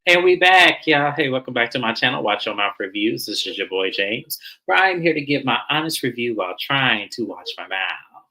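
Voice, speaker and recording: A man's voice: medium pitch, sing-song, brisk, sharp tone, rough recording. A man hosting a reality show recap, talking casually in slang and mimicking the cast as he retells scenes.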